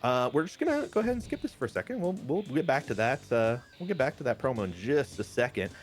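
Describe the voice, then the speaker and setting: A young man talks through a wrestling management game. He is excitable and quick with jokes. His speech is casual and a little profane. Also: medium pitch, soft background music. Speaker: game commentator.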